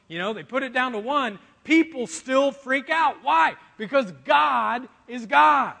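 A man preaching a sermon in an animated, joking way, acting out quotes as he goes. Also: very high-pitched, normal speed, vocal fry. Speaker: pastor. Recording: long reverb of a large hall.

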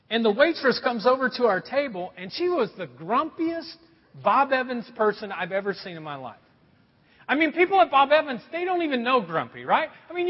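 Pastor, male, high lively voice, husky, muffled recording with long hall echo. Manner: conversational storytelling, asks the audience questions. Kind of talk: sermon.

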